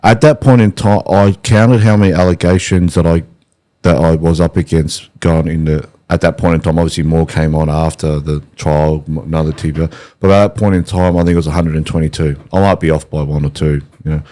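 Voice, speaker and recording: A man's voice: extremely low pitch, fairly even intonation, brisk, mellow. An Australian man hosting a podcast, telling his own story in a rambling, hesitant way. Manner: rambling, hesitant, full of restarts. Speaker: podcast host. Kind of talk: casual conversation.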